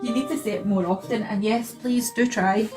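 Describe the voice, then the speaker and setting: A Scottish woman co-hosting a livestream, blunt, quick to laugh and swearing freely. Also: fairly high pitch, fairly even intonation, music in the background. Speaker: co-host. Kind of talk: casual livestream chat.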